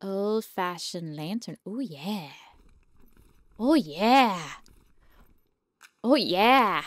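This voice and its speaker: A woman's voice: mid-range voice, animated, drawn-out words, pauses often, a bit bright, dry recording. A young woman playing a point-and-click game, chatting casually, reading the game text aloud and humming along. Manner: playful, sings and hums, reads game text aloud. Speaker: gaming streamer. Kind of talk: casual let's-play commentary.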